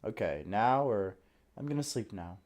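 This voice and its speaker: A man voicing a hoarse, sly vampire woman prisoner, who speaks with a foreign accent in a dry, languid way. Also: fairly low pitch, animated, moderate pace, darkish tone, lo-fi sound, lightly acted.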